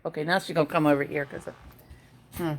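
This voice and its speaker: A woman's voice: sits low, fairly even intonation, quick pace, a little hiss or hum. A woman vlogging from home in a chatty way, reading an article aloud and adding her own comments. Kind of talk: casual chat.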